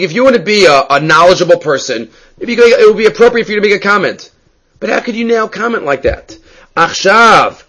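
A man with a slightly high voice leads a Talmud lesson. He moves between English and Hebrew and Aramaic terms and tells the stories with lively energy. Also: low-quality recording. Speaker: Talmud teacher. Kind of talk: Talmud class lecture.

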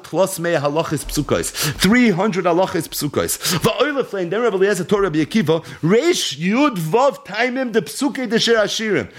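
An animated male Torah teacher with a slightly high voice that leaps up and down as he tells the story. He reads each Aramaic line and then translates it. He keeps tossing rhetorical questions to his listeners.

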